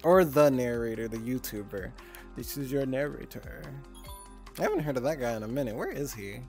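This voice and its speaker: A man's voice: mid-range voice, sing-song, quick pace, darkish tone, faint music behind. A man livestreaming, chatting casually with his viewers, swearing often, laughing easily and getting flustered and teasing in turn. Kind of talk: casual stream chat with viewers.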